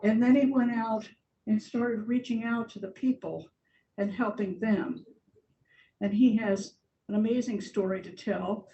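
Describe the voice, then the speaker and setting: Speaking at a measured pace with a dark tone and fairly even intonation, an older woman guest speaker chats informally about her slides to a church audience and laughs a lot. The lo-fi audio comes from a large church hall, where a distant mic picks up echo and a faint rumble.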